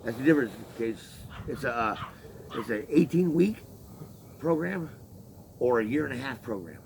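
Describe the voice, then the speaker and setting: A man's voice: medium pitch, animated, moderate pace, a little mellow, slight background noise, rough recording. A man venting a long story in casual, profane, rambling talk, acting out what was said back and forth. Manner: profane, rambling, acts out quoted exchanges. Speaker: laborer telling his story.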